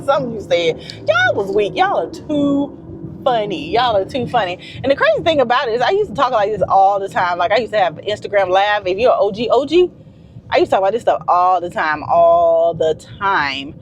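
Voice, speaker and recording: A woman vlogging casually from a car, talking to her viewers. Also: medium pitch. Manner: chatty, animated, talks to viewers as y'all. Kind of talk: casual chat to camera. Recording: road noise in a car. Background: vehicle noise.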